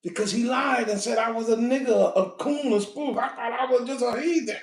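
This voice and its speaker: A woman preaching a fiery sermon, animated, often shouting and breaking into laughter. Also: a little high, a little fast. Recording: echoey room.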